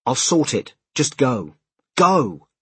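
A man's voice: on the low side, normal speed, husky, no echo. A man voicing a tense adult driver who keeps his strain in check, speaking in short, clipped lines in an audiobook. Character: tense adult man driving, trying to stay calm.

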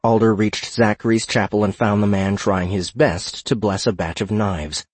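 A man narrating a fantasy audiobook in a steady, measured reading. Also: fairly low pitch, breathy edge, dry recording.

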